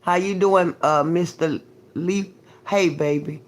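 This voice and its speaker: A woman's voice: lowish voice, slow. Profane, preaching woman livestreamer. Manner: emphatic, profane, preaching testimony; greets chat viewers by name. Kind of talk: live-stream monologue to viewers.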